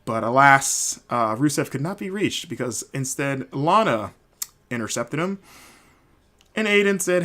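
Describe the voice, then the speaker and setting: A man's voice: medium pitch, unhurried, bright, forceful tone. Rambling male podcast host. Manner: rambling, filler-heavy casual talk. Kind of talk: solo wrestling recap podcast.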